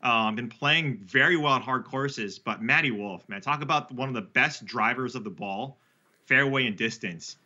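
A man's voice: mid-range voice, moderate pace, pushed and bright, lo-fi sound. A man talking through betting picks in a casual podcast chat, rambling and correcting himself with fillers. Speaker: sports betting analyst guest.

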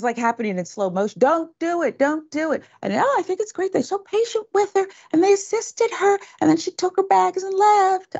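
Lively, gravelly-voiced woman host. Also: mid-range voice, lo-fi sound. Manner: animated, laughs while telling a story. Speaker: podcast host. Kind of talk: casual commentary.

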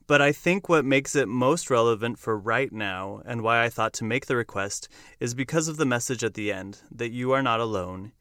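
A man's voice: mid-range voice, moderate pace, hardly any pauses, pushed and bright, no room sound, clean studio sound. A man hosting a musical theater podcast, chatting casually and enthusiastically. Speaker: podcast host. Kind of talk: casual chat.

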